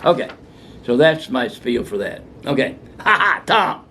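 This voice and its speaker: A man's voice: mid-range voice, sing-song, a little slow, sharp tone, a little hiss or hum. An older male physician answering viewer questions in a blunt, fiery and profane way, ranting at length. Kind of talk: unscripted question-and-answer talk.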